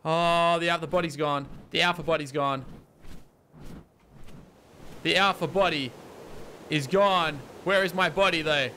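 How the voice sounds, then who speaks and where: A man's voice: fairly high pitch, fairly even intonation, a little slow, pauses often, pushed and bright, a little hiss or hum. A young man commentating his survival game, panicked and exasperated, repeating himself. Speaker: gaming YouTuber. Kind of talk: let's play commentary.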